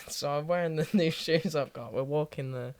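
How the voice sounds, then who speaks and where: A man's voice: on the high side, normal speed, dry recording. A young man trading jokey banter with a bit of swearing and frequent laughs. The sound is dry and close, with no room around it. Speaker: podcast co-host. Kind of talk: casual banter.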